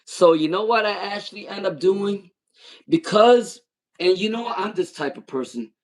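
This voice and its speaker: A man in his thirties with a somewhat high voice talks through a personal story. He is animated and emphatic, swears freely, and repeats lines for effect. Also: normal speed. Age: 30s. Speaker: tarot channel host. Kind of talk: casual storytelling monologue.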